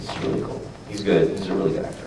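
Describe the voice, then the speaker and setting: A man with a worn, hoarse voice, chatting loosely and swearing freely as a voice actor answering questions on a convention panel. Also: deep voice, steady tone, rapid-fire, over a noisy crowd. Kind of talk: casual panel Q&A. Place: large convention hall. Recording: echoey hall from far off.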